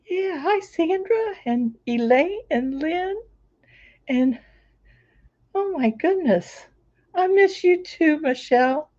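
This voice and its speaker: Chatty hoarse woman, high and slow, mellow tone, live on a laptop. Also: expressive, highs cut off. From Florida. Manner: chatty, greets viewers by name. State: hoarse, recovering voice. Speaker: crafting channel host. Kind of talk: casual livestream chat. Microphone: laptop microphone.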